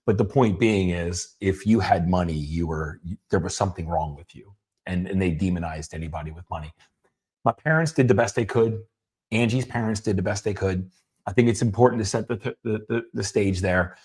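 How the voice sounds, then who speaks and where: A middle-aged man co-hosting a talk, telling his childhood story in a halting way with many restarts, at times emotional. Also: deep voice, a little mellow, slightly rough. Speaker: podcast co-host. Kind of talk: personal storytelling conversation.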